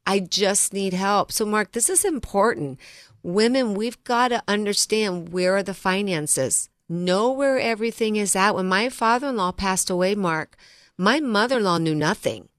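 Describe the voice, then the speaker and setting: A woman's voice: medium pitch, animated, moderate pace, no echo, clean studio sound. Earnest female financial advisor on radio. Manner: earnest storyteller, addresses co-host by name often. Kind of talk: radio financial talk show.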